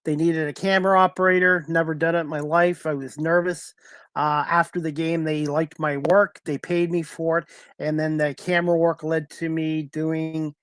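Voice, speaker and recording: A man hosting a talk show over a video call, asking guests steady, earnest questions. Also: fairly high pitch, moderate pace, smooth, no echo. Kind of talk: casual interview.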